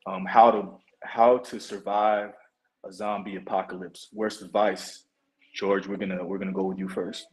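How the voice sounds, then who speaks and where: A man's voice: deep voice, little pitch movement, moderate pace, rough recording. A man hosting a casual comedy podcast, moving through segments with a drawl while trying not to laugh. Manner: drawling, holding back laughter. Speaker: podcast host.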